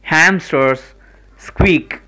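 A man hosting his own channel, reading a list of animals and their sounds one by one, slowly and deliberately. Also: on the high side, bright, forceful tone, rough recording. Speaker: channel host. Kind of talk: educational word list reading.

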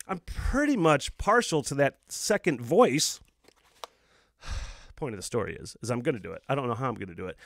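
A man's voice: medium pitch, no echo, clean studio sound. A man hosting his own solo podcast in a casual, rambling way, swearing freely and chuckling between thoughts. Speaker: podcast host.

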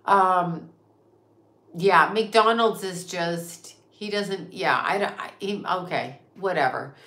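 A woman's voice: on the low side, takes it slowly, fairly bright tone. A woman hosting a casual talk stream, ranting emphatically with profanity and rhetorical questions. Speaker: psychic medium and channel host. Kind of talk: casual livestream rant. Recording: roomy echo.

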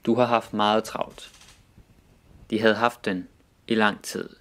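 A man reading example sentences slowly and deliberately, saying each one twice. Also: fairly low pitch, flat delivery, fairly bright tone.

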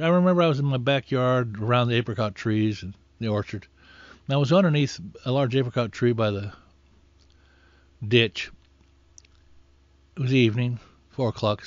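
A man's voice: medium pitch, no room sound. A man preaching a conversational sermon in an earnest tone, rising in force when he exhorts. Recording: dull lo-fi dry recording.

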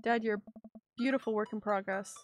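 A woman's voice: medium pitch, fairly even intonation, a little fast, faint music behind, lightly acted. A woman voicing a sarcastic teenage daughter who teases her dad, in a game read-aloud. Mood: teasing. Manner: teasing, sarcastic.

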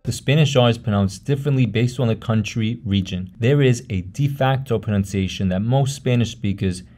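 Guy with a lowish mellow voice doing a calm language lesson, says example words slow. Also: faint music behind. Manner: measured, repeats each example word slowly. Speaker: language teacher. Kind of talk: explanatory lesson narration.

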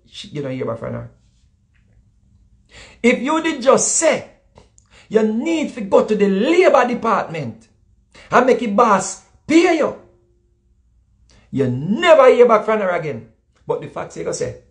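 Animated Jamaican man telling stories. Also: high voice, unhurried, gravelly, pauses often. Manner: animated, repetitive, acts out quotes. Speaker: guest speaker. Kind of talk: casual storytelling chat.

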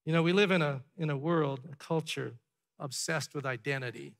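A pastor preaching a sermon to his congregation, asking rhetorical questions and dropping to a hush before building back up. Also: a little high, moderate pace. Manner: dramatic, drops to a hushed tone for emphasis, then builds up. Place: church sanctuary.

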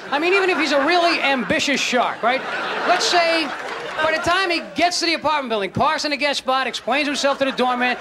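A man doing a stand-up comedy routine on stage, incredulous and mocking, acting out voices, with loud audience laughter behind him. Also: very high-pitched, fairly quick. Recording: live show with loud crowd and noise.

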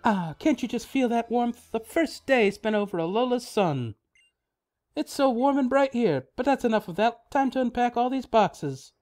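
A man voicing a cheerful, chatty mother as he reads a video game's dialogue aloud, in a bright, sing-song put-on voice. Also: extremely high pitch, animated, normal speed, soft background music, voice pushed up. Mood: cheery.

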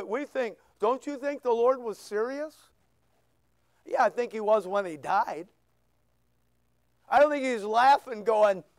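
Animated preacher man, dry sound. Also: very high-pitched, no room sound. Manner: animated, rhetorical questions, swings between loud and hushed. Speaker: pastor. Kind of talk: sermon. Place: church.

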